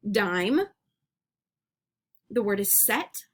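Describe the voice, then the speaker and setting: A woman teacher talks young children through a phonics drill at an unhurried pace. Her voice is bright and clear, and she repeats each word slowly and encourages them between words. She is recorded on a computer mic at home. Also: medium pitch, lively intonation.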